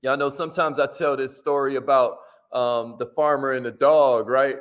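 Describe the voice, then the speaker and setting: A man hosting a live motivational stream, energetic and casual, greeting viewers by name and repeating his key lines. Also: medium pitch, normal speed.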